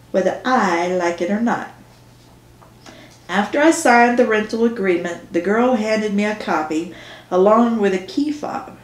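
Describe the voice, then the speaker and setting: A woman author reading her own novel aloud in first person, slow and measured. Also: on the low side. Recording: echoey room.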